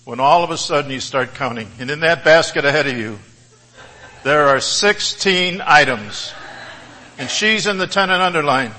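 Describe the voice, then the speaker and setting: A man's voice: a little high, moderate pace, bright, forceful tone, poor audio. A man preaching a sermon in a conversational, folksy way, with humorous asides and storytelling.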